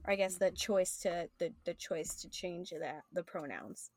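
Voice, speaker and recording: A woman chatting casually about a book, animated and reading passages aloud. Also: fairly low pitch, a little slow, no room sound.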